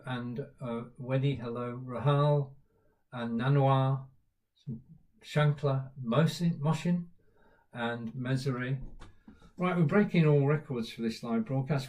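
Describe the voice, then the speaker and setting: A man's voice: mid-range voice, darkish tone. A British man hosting a casual live stream, chatting loosely and greeting viewers by name with frequent fillers. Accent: British English. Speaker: livestream host.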